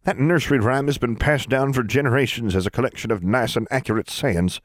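A man's voice: medium pitch, brisk, dry recording, voice pushed up, natural voice. A man voicing a kindly elderly Ozark granny witch with a folksy drawl.

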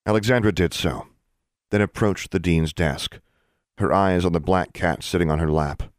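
Male audiobook narrator, very low voice, dry close sound. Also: normal speed, no echo. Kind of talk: scripted narration.

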